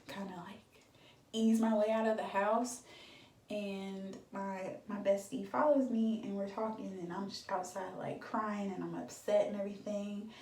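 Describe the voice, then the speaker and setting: A young woman in her twenties, a beauty vlogger, tells a dramatic storytime on her vlog in a chatty way packed with fillers. Her medium-pitched voice sits far from the mic, coming off-mic in an echoey room.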